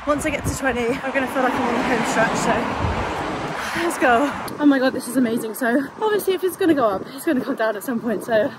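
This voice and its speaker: A young woman talks into her camera as she runs, her voice a little high and breathless with effort. She pushes herself on and swears. Street sounds come through clearly behind her. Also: quick pace, heavy background noise. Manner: breathless, emotional self-encouragement, frequent swearing. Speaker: fitness vlogger. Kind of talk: casual vlog while running. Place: outdoors on roads.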